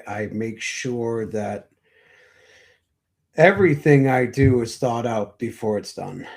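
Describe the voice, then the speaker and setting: A man being interviewed as a guest, telling a personal story slowly and reflectively, with frequent hesitations. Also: on the low side, gravelly, darkish tone. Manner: slow, reflective, hesitant with fillers.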